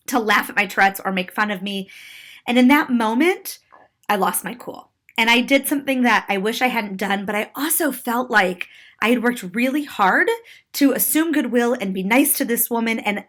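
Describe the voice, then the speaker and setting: A woman with a slightly high voice tells a personal story like a comedian's monologue. She talks candidly and expressively and drops in self-mocking asides. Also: fairly bright tone.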